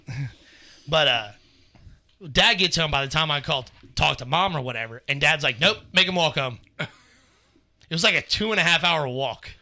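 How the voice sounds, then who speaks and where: Bright-voiced man telling stories. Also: a little high, normal speed, pauses often. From Northern Kentucky. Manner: animated, acts out quotes, laughs often. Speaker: podcast co-host. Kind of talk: casual storytelling chat.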